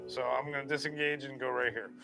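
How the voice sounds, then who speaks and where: A man's voice: medium pitch, fairly even intonation, fast, vocal fry, pushed and bright, faint music behind, rough recording. A man playing a tabletop game, easygoing and chatty. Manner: easygoing, repeats fillers. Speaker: player. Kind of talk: casual tabletop game chat.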